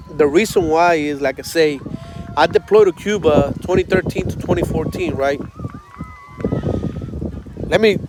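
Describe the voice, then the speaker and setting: A man's voice: on the high side, noisy background. A man and army veteran, in his thirties, telling stories casually and swearing freely, with many fillers. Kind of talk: casual storytelling on a livestream.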